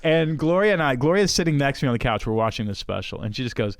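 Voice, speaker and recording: A man's voice: medium pitch, expressive, fast talker, no room sound. Dry-voiced man telling stories on a podcast. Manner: storytelling, acts out quotes. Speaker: podcast host. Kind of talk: casual chat.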